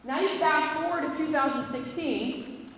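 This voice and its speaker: A woman's voice: high voice, normal speed, a bit bright, a little hiss or hum. A woman giving a casual, direct talk to a crowd of students, often asking them questions. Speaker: school presenter. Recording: echoey hall from far off.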